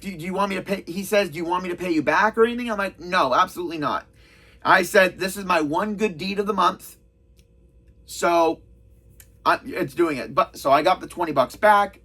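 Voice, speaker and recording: A man's voice: sits high, sharp tone. A man telling a convention story in a casual, rambling way, with many restarts and quoted back-and-forth.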